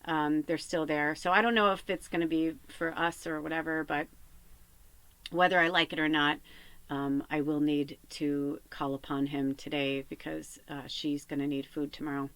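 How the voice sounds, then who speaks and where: A woman's voice: deep voice, fairly even intonation, normal speed, a bit bright, smooth, no echo. A woman hosting a spiritual podcast, chatting in a rambling way and often repeating "I'm like" as she retells things. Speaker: podcast host and spiritual medium. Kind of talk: casual rambling chat.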